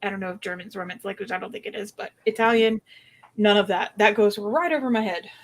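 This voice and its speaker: A woman's voice: medium pitch, fast talker. A young adult woman chatting casually, telling stories with laughter and playfully teaching foreign phrases. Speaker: streamer chatting with a co-host. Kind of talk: casual chat.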